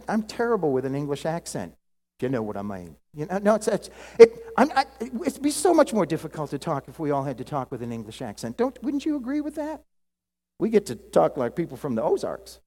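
An American preacher delivers a sermon at a mid pitch, talking with the congregation in an easy, conversational way and tossing in joking asides. The voice rings out through a large hall with a long reverb tail. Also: warm tone.

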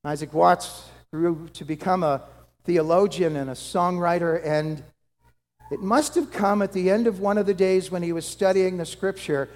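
A pastor preaching a dramatic sermon that swings from loud to hushed. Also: male voice, high-pitched, normal speed. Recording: long hall reverb.

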